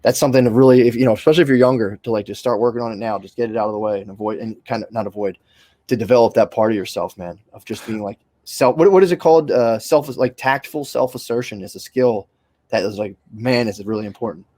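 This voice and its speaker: A man's voice: mid-range voice, fast, dark tone, no echo. A young man in casual podcast conversation, rambling with restarts and fillers and swearing freely. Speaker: podcast host.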